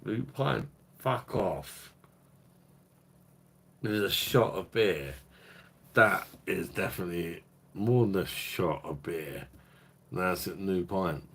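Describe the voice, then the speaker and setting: A man's voice: low voice, slow, fairly bright tone, slightly rough. A man hosting a casual live stream, tipsy from drinking, rambling and swearing as he chats. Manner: swearing, rambling banter with chat. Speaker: beer review livestream host.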